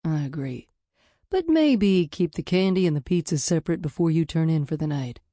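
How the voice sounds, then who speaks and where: A woman reading an audiobook voices a rough, protective adult man who swears bluntly. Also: low voice, expressive, moderate pace, dark tone, dry recording, studio quality. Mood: teasing. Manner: blunt and profane. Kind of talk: audiobook character voice.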